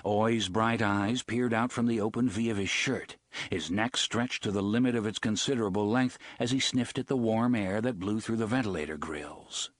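Husky low-voiced male audiobook narrator. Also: normal speed, no room sound.

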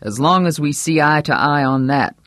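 A reader doing a gruff, furious husband in his fifties. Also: a little high, moderate pace, a bit bright, dry recording, clean studio sound, lightly acted. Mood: grim. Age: 50s. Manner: gruff, roaring, sarcastic. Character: angry, blunt middle-aged husband with a cane.

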